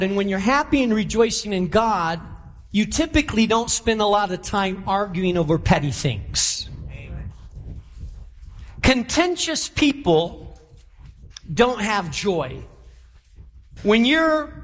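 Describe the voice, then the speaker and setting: Pastor, male, animated preacher who acts out quoted voices, high voice, long church reverb. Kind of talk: sermon.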